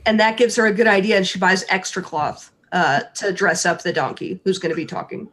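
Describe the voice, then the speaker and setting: A woman playing in a tabletop game, briskly telling what her character does. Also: mid-range voice, a bit bright. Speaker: player.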